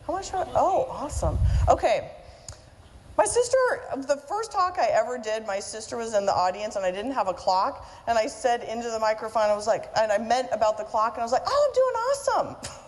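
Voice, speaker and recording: A woman's voice: a little high, fairly quick. A woman giving a humorous conference talk to an audience, chatty and self-mocking. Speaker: keynote speaker and author. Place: event hall with audience. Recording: reverberant hall, faint room noise.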